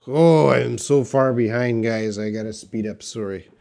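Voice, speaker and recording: A man teaching English on a live stream, slowly answering viewers' questions one by one. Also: mid-range voice, vocal fry, warm tone. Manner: slow, patient, reads out viewer questions. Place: classroom with a whiteboard.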